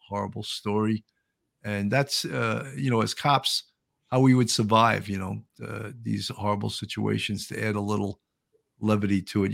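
An older man with a Long Island New York accent, a retired police officer hosting a show, telling stories in animated casual chat and laughing often. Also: on the low side, vocal fry.

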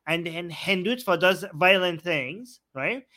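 High, bright-voiced man arguing insistently. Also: animated, unhurried. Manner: insistent, interrupting, argumentative; mocks his opponent's words in a put-on voice. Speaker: debate show host. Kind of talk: heated live debate.

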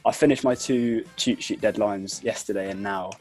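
A man's voice: lowish voice, normal speed, a little mellow, soft background music. A young man co-hosting a podcast in casual chat, speaking hesitantly. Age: young adult. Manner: hesitant, with filler-heavy restarts. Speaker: podcast co-host.

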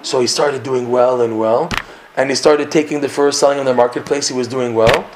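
A man teaching a Torah class, telling a story with lively acted-out dialogue. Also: mid-range voice, a little fast, a little hiss or hum. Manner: animated storyteller acting out the characters' lines. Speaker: religious teacher.

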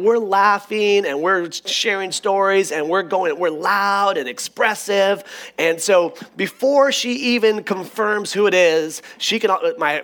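A middle-aged man preaching a sermon as pastor, in a conversational, animated storytelling manner. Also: high voice.

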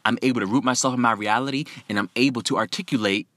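A man telling a personal story in a profane, animated and emphatic way. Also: medium pitch, fast, no room sound, studio quality.

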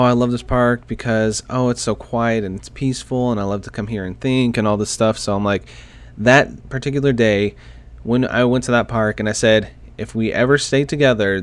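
A young man casually telling a personal story into a desk microphone, chatty and self-deprecating, laughing often. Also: lowish voice. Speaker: vlogger.

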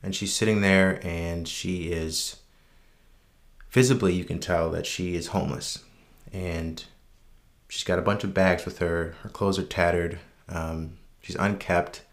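A man casually telling a personal anecdote, relaxed and unscripted, with frequent ums and restarts, earnest and reflective. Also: low voice, unhurried. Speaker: storyteller.

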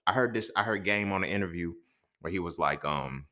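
A young adult man hosting a podcast, telling a story from his own life in a casual, profane, animated way with lots of slang. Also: sits low, a little fast. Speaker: podcast host.

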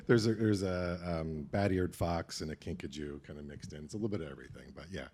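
A man, a sound designer, answering questions on a panel in a relaxed, offhand way. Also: deep voice, brisk.

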